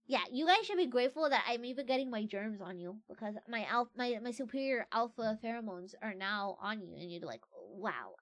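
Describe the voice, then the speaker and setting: A woman's voice: on the high side, animated, fairly quick, hardly any pauses, no echo. A young adult woman streamer in casual livestream chat, playfully reading quiz questions aloud and joking about them.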